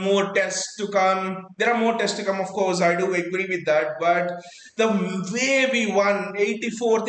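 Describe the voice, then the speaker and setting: A man hosting a live football watchalong, talking in excited bursts and repeating words as he stumbles, out of breath. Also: high voice, reverberant, rough recording. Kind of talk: excited live fan reaction.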